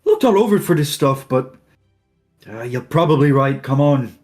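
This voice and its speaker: A man voicing a scheming, rough rogue sailor in a tabletop game, talking in a casual, sly, folksy way. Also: medium pitch, lively intonation, moderate pace, darkish tone, soft background music, natural voice. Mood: grudging. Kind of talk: tabletop role-play.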